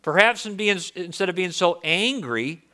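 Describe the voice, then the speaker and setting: Bright-voiced male pastor preaching. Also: high voice, lively intonation, normal speed. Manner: conversational, repeats words when restarting. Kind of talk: sermon.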